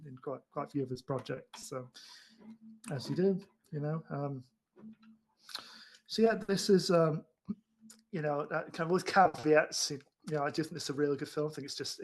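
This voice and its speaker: A man chatting casually about old films, rambling with many restarts and fillers. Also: mid-range voice. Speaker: film podcast co-host. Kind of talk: casual film discussion.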